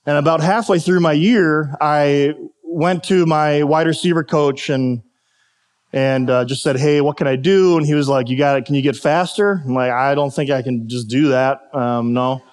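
Male pastor, fairly high voice, sermon told through a story. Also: normal speed. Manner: storytelling, animated when quoting coaches.

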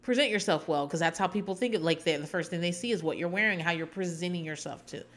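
A woman's voice: on the low side, fast talker, a bit bright. A woman hosting a podcast, recapping a reality show in casual, rambling chat with sarcastic asides.

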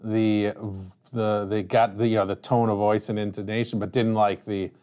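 A man co-hosting a tech show, chatting casually with dry, deadpan quips. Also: lowish voice, moderate pace. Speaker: co-host. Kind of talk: casual chat.

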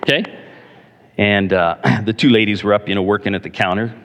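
A male pastor preaching a sermon to his congregation, telling stories in an animated, direct way. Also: lowish voice, a little fast. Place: church. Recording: long reverb in a large hall.

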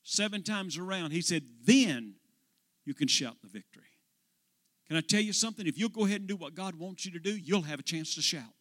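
A male pastor preaching a sermon, putting "uh" before phrases in a rhythmic, rising delivery that builds to shouts. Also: high-pitched, fast talker, hardly any pauses, no echo, studio quality.

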